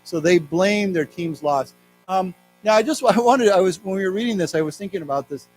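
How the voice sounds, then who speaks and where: A middle-aged man with an American accent teaching an English lesson, explaining words and reading news aloud slowly. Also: high voice, soft background music, poor audio. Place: library lecture room.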